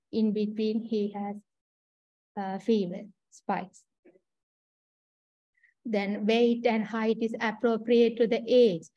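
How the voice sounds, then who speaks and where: A woman's voice: fairly high pitch, dry recording, highs cut off. A woman with a Sri Lankan accent giving a clinical case presentation, hesitant with many fillers and restarts. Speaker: trainee doctor presenting a case.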